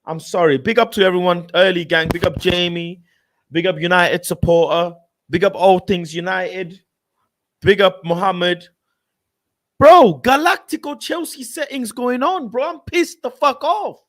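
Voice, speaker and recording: A man's voice: high voice, a little slow, a bit bright. A young man ranting in a casual live stream about football, frustrated and swearing. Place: home room.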